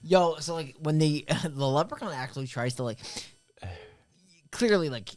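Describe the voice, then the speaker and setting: A man's voice: on the high side, expressive, moderate pace. A man co-hosting a casual movie review podcast, swearing often and ranting in a crude way. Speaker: podcast co-host.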